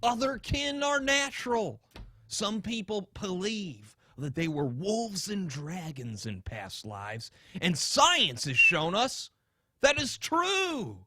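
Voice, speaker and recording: A man's voice: sits high, slight background noise, heavily acted. A man doing a preachy TV science host. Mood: mock lecturing. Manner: slow mock-lecturing, deadpan absurd claims. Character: smug male TV science-show host, middle-aged, preachy. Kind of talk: comedic impression.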